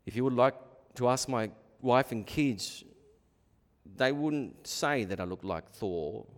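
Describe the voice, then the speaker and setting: A middle-aged man preaching a sermon as pastor, shifting between quiet asides and emphatic points. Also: mid-range voice, animated, slow pace. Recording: long hall reverb.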